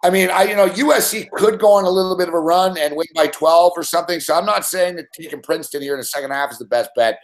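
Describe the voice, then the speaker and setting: A man's voice: high-pitched, quick pace, hardly any pauses. A man from Canada, talking through sports betting picks in a casual live chat and laughing easily.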